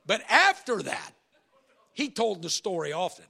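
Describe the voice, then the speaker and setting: A man preaching a sermon as pastor, telling folksy stories in an animated, lively way, with a raspy voice. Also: a little high, moderate pace.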